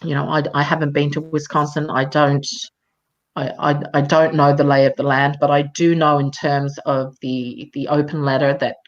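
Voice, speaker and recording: A woman campaigner in a live online chat, speaking in a measured, emphatic way with frequent fillers. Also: deep voice, level tone, dull audio. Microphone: video call.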